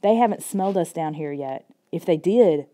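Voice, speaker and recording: A woman doing a hushed, knowing young boy. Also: lowish voice, animated, moderate pace, close to an everyday voice. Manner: hoarse whispered warnings. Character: calm knowing boy friend, hushed and warning.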